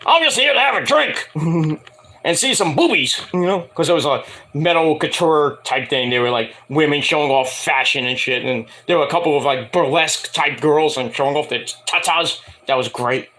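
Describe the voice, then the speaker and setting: A man rambling casually to camera, swearing freely and acting out quoted people in higher voices. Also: moderate pace. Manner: animated, profane, acts out quotes in higher voices. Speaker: wrestling and music vlogger.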